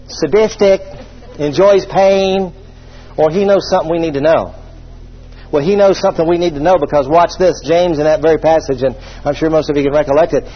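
Male preacher, high and husky, jokey sermon delivery, dull lo-fi recording. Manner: humorous, voices imagined listeners, reads scripture slowly.

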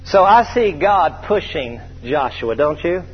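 A man's voice: on the high side, husky, faint music behind. A man preaching a sermon to a congregation, stretching out scripture readings and telling stories with energy. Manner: preacherly, drawn-out scripture reading, lively storytelling. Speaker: pastor. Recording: dull lo-fi hall recording.

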